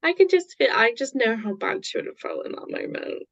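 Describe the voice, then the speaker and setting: A woman's voice: fairly high pitch, wildly swooping pitch, brisk, vocal fry, muffled recording, crowd noise. A woman co-hosting a podcast, chatting casually and readily agreeing with her partner. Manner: agreeable, chimes in with short backing remarks. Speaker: podcast co-host. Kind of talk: casual chat about reality TV.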